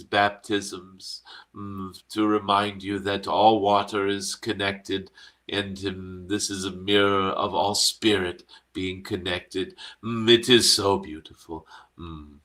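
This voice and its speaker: Calm benevolent dragon spirit channeled by a man: low-ish, bright voice, serene meditation guide with soft hums. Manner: slow and serene, hums "mm" between phrases. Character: benevolent cosmic dragon spirit, gentle and wise.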